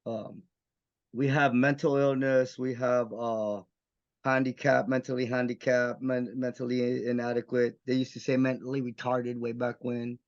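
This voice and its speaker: Gravelly, intense man from Texas. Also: medium pitch, level tone, normal speed. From Mission, Texas. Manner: intense, profane, emphatic pep talk. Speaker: guest actor. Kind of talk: candid podcast conversation. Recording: dull lo-fi podcast audio.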